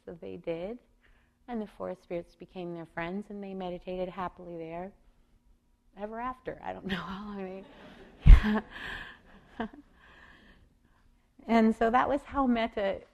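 Woman, meditation teacher, gentle, reflective, slow delivery, mid-pitched voice. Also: fairly even intonation, creaky. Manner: gentle, reflective, thinking aloud. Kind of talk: teaching talk on loving-kindness meditation.

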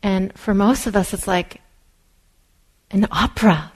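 A woman meditation teacher giving a dharma talk in a soft, unhurried way, sometimes dropping to a whisper. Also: medium pitch, husky, poor audio. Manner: soft-spoken, drops to a whisper at times.

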